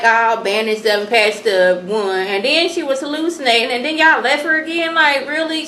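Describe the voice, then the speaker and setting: A woman giving a casual, animated recap of a TV episode and acting out the characters' lines. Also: mid-range voice. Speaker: vlogger reviewing a TV episode. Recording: echoey room, faint noise.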